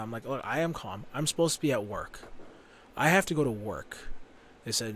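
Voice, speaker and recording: A man recounts a story on a casual podcast, swearing freely and speaking bluntly. His voice sits at an ordinary pitch. Faint room noise hangs behind him. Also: moderate pace, a bit bright. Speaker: podcast guest.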